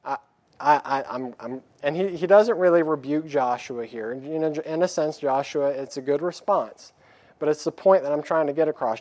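A man's voice: a little high, moderate pace, a little mellow, dry recording. A man preaching a sermon in a plain-spoken way, reading scripture aloud and acting out the pleading voices of the people. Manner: reads scripture aloud in a raised voice.

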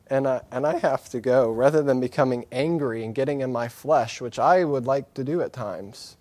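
A man's voice: mid-range voice, moderate pace, a little mellow, no echo. A man preaching a sermon, earnest and candid, driving points home with repeated phrases and slipping in self-deprecating asides. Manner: earnest and candid, with emphatic repetition.

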